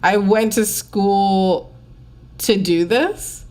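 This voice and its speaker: A woman at a middle pitch talks as a guest on a podcast. Her speech is loose and chatty, full of filler words. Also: very slow, darkish tone. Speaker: podcast guest, music producer. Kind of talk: casual interview chat.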